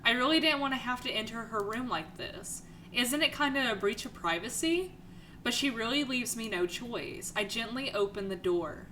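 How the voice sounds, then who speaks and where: A woman's voice: a little high, expressive, normal speed, bright, forceful tone, a little hiss or hum, low-quality recording. A young woman hosting a let's play, reading the game's text aloud between her own reactions.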